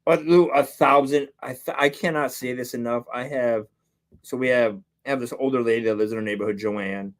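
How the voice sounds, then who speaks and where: A man's voice: medium pitch, steady tone, a little fast. A man co-hosting a podcast, talking in a heated, rambling way with lots of filler words and swearing. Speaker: podcast co-host. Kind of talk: casual chat.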